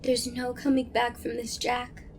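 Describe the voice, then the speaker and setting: A man's voice: very high voice, completely flat delivery, a little slow, vocal fry, a little hiss or hum, voice pushed up, exaggerated voice. A man voicing a young woman who speaks with disdain and hatred. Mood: cold, disdainful. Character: cold, bitter young woman, girlfriend.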